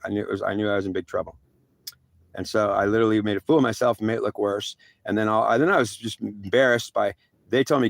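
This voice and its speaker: An older man telling his own story in a rambling, intense monologue, harshly critical of himself. His voice sits low with a gravelly edge. The sound is dry and close, with no room echo. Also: steady tone, fast. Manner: rambling, intense, self-critical, frequent restarts. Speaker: veteran storyteller. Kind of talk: emotional personal monologue.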